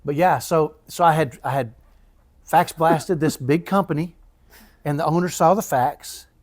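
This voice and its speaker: A man co-hosting a podcast, telling a story in casual chat with animated bursts. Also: on the high side, a little slow. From Dallas area, Texas. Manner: animated storyteller, mimics fax beeps. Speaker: podcast co-host.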